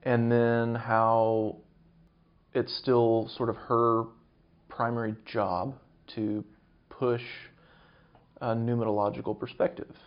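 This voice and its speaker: A man speaking as an interview guest, measured and academic, thinking aloud as he explains. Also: medium pitch, level tone. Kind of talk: conversational interview. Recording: dull lo-fi recording.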